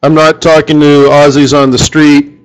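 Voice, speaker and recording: A slightly high-voiced man leads a live trading seminar for a room of listeners. He jokes easily and keeps throwing rhetorical questions at the crowd in an animated, conversational way. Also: moderate pace, clean tone, low-quality recording. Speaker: forex market strategist hosting a session.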